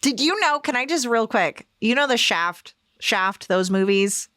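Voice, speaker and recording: A woman's voice: on the high side, lively intonation, unhurried, a bit bright, no echo, clean studio sound. A woman co-hosting a comedy podcast, teasing and tossing out playful questions in casual chat. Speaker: podcast co-host.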